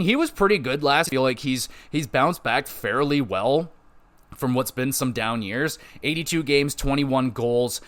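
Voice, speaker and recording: A man hosting a casual solo sports podcast, rambling through stats with frequent swearing and quick self-corrections. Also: medium pitch, fairly bright tone. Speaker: podcast host.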